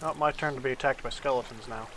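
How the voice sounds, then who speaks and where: A man's voice: mid-range voice, fairly even intonation, fast talker, noisy background. A man hosting a game recording, chatting in a laid-back way and chuckling along with friends. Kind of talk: casual gaming chat.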